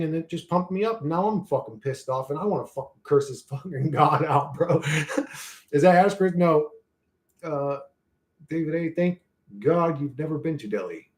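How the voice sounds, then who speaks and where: A young man ranting profanely on a live stream, reading chat aloud and swinging between loud outbursts and low mutters. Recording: echoey room.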